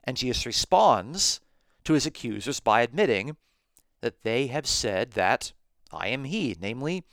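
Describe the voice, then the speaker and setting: A man hosting a podcast, reading Bible verses aloud and explaining them in a measured way, slowing down to stress key phrases. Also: mid-range voice, fairly bright tone, clear, resonant tone, dry recording, studio quality. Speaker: podcast host teaching on scripture.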